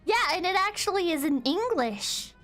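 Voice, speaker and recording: A woman's voice: extremely high pitch, sing-song, normal speed, a bit bright. A woman hosting a casual game stream, talking in a blunt, crass, teasing way. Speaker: streamer host. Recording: game music behind.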